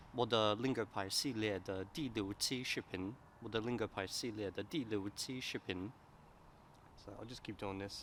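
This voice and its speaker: A man's voice: on the low side, slight background noise. Rambling man vlogging to camera. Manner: candid, rambling, thinking aloud. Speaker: language-learning vlogger. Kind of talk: casual vlog talk to camera.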